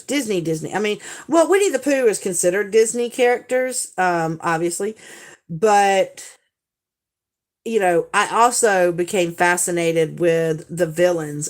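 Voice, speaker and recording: Slow, rambling woman host. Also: on the low side. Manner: rambling, chatty, full of fillers; mimics people in quoted voices. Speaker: live-stream host. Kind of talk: casual chat.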